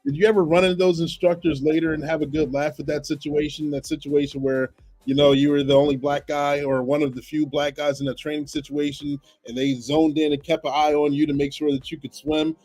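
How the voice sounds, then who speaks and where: A male host with a somewhat higher voice runs a casual interview podcast. He is laid-back and chuckling, and he reads out viewer questions and gives shout-outs. Soft music sits faintly in the background. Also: level tone, brisk.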